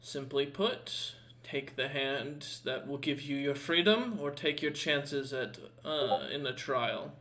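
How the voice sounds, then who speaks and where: A man doing a calm, menacing noble schemer. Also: mid-range voice, slow, few pauses. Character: cunning, calm male noble schemer, threatening.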